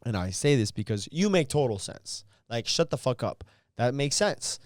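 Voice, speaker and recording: A man's voice: medium pitch, very animated, normal speed, dry recording, clean studio sound. A man who is a guest on a podcast, talking casually and profanely and asking questions.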